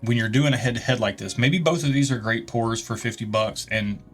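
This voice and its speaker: A man's voice: medium pitch, fairly quick, soft background music. A man co-hosting a whiskey tasting show in easygoing, talkative casual chat. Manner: easygoing, talkative, self-deprecating. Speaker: whiskey review co-host.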